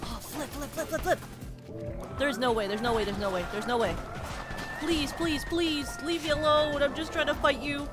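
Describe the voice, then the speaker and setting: A young woman streaming a game, commenting excitably with loud yelps and panicked repeats. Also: a little high, brisk. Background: game music.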